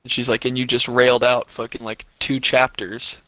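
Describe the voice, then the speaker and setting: Bright-voiced man telling a rambling story. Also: mid-range voice, little pitch movement, normal speed, no echo, low-quality recording. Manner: profane, rambling anecdote full of quoted back-and-forth. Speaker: streamer. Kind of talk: casual storytelling on a live stream.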